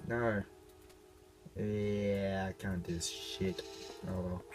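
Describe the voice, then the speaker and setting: Sick guy coughing through a let's play, lowish voice, kinda self-deprecating. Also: fairly even intonation, extremely slow, over music. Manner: self-deprecating, apologetic asides. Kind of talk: casual gameplay commentary.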